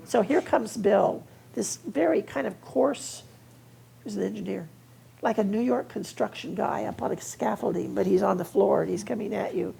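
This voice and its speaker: An older woman, a guest in a live onstage conversation, telling relaxed anecdotes and laughing now and then. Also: mid-range voice, normal speed, creaky, slight background noise. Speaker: interview guest. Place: auditorium before an audience.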